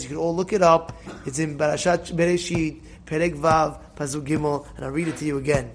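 A man giving a Torah class lecture, emphatic and repetitive, sometimes breaking into loud cries to drive a point home. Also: on the high side, brisk. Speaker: Torah teacher.

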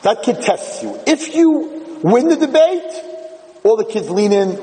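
A man's voice: high voice, a little slow. A man, a rabbi, telling a story during a sermon in a synagogue and acting out the dialogue. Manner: animated storyteller who acts out dialogue. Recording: echoey hall with faint ambience.

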